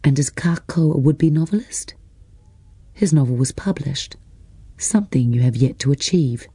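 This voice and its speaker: A man reading an audiobook, voicing a grieving, bitter young woman in a breathy unvoiced whisper. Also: on the high side, expressive, normal speed, dark tone, no room sound. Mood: cold, bitter.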